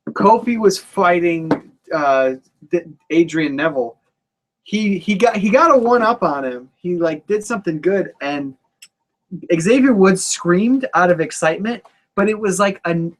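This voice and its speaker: A man co-hosting a casual wrestling podcast, recapping matches in a laid-back, rambling way with lots of fillers. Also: on the high side. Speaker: podcast co-host.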